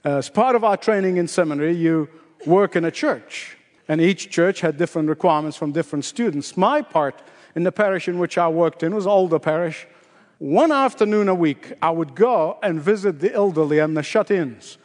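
Older guy preaching, high voice, big echoey hall, hammers phrases over and over. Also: lively intonation, moderate pace, darkish tone. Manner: emphatic, repeats key phrases with rising pitch. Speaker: pastor. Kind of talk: sermon.

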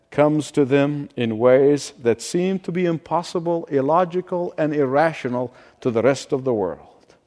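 A man preaching a sermon, telling a story with frequent chuckles and easing into quiet prayer. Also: mid-range voice, big-room sound.

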